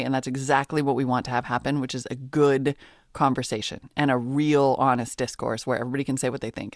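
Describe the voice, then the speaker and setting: A woman's voice: very deep voice, no echo, clean studio sound. Upbeat woman co-hosting a podcast. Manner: animated, upbeat, laughs easily. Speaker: podcast co-host. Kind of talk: casual podcast chat.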